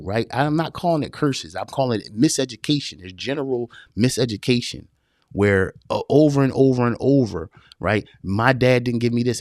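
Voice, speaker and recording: A man's voice: mid-range voice, darkish tone, no room sound, clean studio sound. A man hosting a live-streamed talk for men. He is emphatic and repetitive, calls listeners brother, and answers viewer questions as they come in. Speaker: podcast host.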